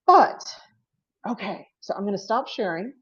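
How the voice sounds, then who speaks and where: A woman's voice: medium pitch, big pitch swings, moderate pace, breathy edge, dull audio. A woman presenting her paranormal investigations at an online panel, chatty and apologetic, laughing often. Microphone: video call.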